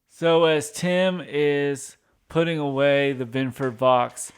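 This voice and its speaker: Male recap host, unhurried, smooth tone, loose and rambling. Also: mid-range voice. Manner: rambling, frequent restarts and fillers. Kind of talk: casual episode recap.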